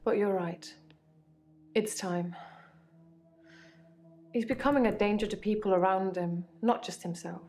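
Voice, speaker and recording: A woman's voice: mid-range voice, measured pace, long pauses, a little mellow, soft background music, lightly acted. A woman voicing a sarcastic, troubled female patient in a therapy game. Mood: grave. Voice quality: dry sarcastic delivery. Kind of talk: game voice acting.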